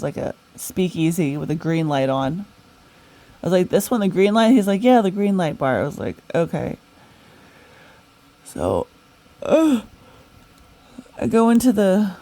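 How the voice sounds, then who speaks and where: A woman's voice: low voice, gravelly, warm tone, poor audio. A young woman telling a long, rambling story in a casual way, with many fillers, restarts and the odd swear word. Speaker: storyteller recounting a dream.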